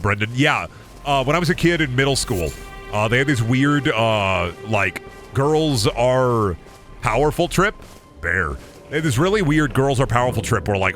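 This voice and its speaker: A young man streaming a game, chatting casually and profanely, rambling and singing silly chants to himself. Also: lowish voice. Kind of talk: casual gaming stream chat.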